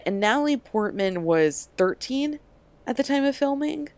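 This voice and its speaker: A young woman co-hosting a podcast in casual chat, animated and full of fillers and quick asides. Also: high-pitched, no echo. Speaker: podcast co-host.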